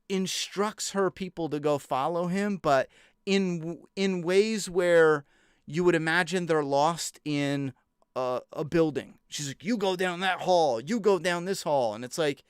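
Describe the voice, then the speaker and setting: This is a casual, cursing review rant: a young man, a TV show critic, sounds incredulous and fed up as he picks apart an episode. His fairly high, smooth voice comes through with studio quality and no room sound.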